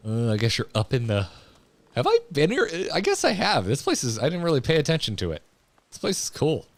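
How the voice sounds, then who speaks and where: A man's voice: medium pitch, wildly swooping pitch, fairly quick. A man streaming a video game, joking and muttering casual commentary. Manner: joking, mumbling asides, laughs often. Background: faint game music.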